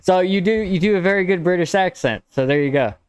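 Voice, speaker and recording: An American man reads his own draft aloud and chats with his viewers. His voice is smooth and even, recorded dry and close. He rambles easily and stops mid-sentence to fix his wording. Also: high-pitched, fast talker, no room sound. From United States. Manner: rambling and conversational. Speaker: streamer and writer.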